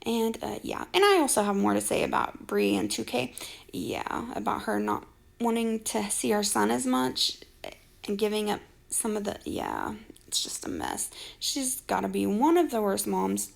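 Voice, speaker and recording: A woman's voice: very animated, moderate pace, gravelly. A woman in her forties giving sarcastic, exasperated gossip commentary about social media personalities. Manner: exasperated, sarcastic, mimics people in high voice.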